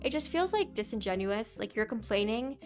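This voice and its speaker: A young woman giving her opinions in a casual commentary vlog, opinionated and quick to mock what commenters say. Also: mid-range voice, sing-song, soft background music. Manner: opinionated, reads out viewer comments in mocking voices. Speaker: gaming YouTuber.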